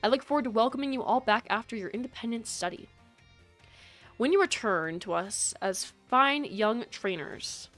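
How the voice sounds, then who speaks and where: A woman's voice: fairly high pitch, lively intonation, normal speed, fairly bright tone, faint music behind. Woman reading as a formal British school head. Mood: solemn. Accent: put-on British.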